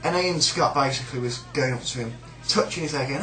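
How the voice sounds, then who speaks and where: A man's voice: mid-range voice, fairly quick, sharp tone, roomy sound, soft background music, rough recording. A man with a British accent ranting in a sneering, rambling, sweary way about a coworker. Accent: British English. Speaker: shop worker. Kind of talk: casual rant.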